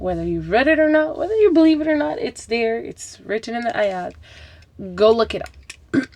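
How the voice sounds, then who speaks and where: A woman's voice: fairly high pitch, animated, moderate pace, darkish tone, no echo. A woman hosting a live broadcast, talking about faith in a chatty, conversational way, with asides and rhetorical questions. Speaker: host of an Islamic talk broadcast. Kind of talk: casual religious talk. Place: home, packing up with rustling noise.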